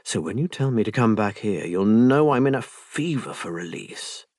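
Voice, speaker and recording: A male audiobook narrator voicing a bold, shameless lover in a low, hushed murmur. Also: big pitch swings, moderate pace, no room sound, studio quality. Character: bold, shameless adult man lover, whispering. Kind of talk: audiobook character voice.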